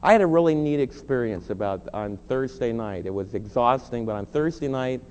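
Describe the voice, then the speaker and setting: A middle-aged male pastor delivers an earnest, emphatic sermon, pressing his listeners and then owning his own faults. His voice is mellow and dark. It rings with the long reverb of a large church hall over a faint hum. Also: mid-range voice, lively intonation, normal speed. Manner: earnest, emphatic preaching with confessional asides.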